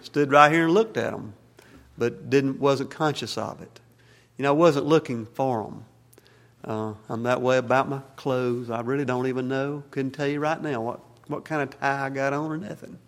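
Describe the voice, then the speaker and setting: A man's voice: mid-range voice, fairly even intonation, normal speed, in a large hall. A man preaching as a Baptist pastor in a church, plainspoken and folksy, with fillers and restarts. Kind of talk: sermon and closing prayer. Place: church sanctuary.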